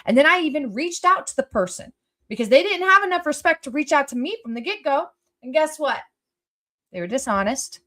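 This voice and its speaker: A blunt woman vlogger speaking straight to her viewers, her voice sitting a little high. She is emphatic and swears freely, jumping from loud outbursts to quiet, soft asides. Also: animated, fairly quick. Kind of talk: casual personal talk to viewers.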